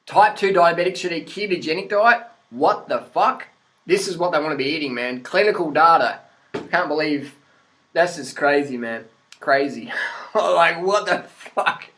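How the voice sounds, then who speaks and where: A man with a high-pitched voice and an Australian accent rants straight to camera in a casual vlog. He is blunt and sarcastic, swears freely and laughs often. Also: normal speed, fairly bright tone, low-quality recording. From Adelaide, South Australia. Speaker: vlogger. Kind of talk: profane rant-style commentary.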